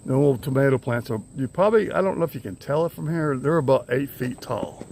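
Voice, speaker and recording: An older man chats loosely to his phone while walking around his yard. His voice sits at an ordinary middle pitch, and his talk meanders with easy chuckles. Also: lively intonation, brisk, vocal fry, a little mellow, a little hiss or hum. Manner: rambling, easygoing, chuckles often. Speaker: vlogger. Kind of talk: casual chat to camera. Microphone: handheld phone camera.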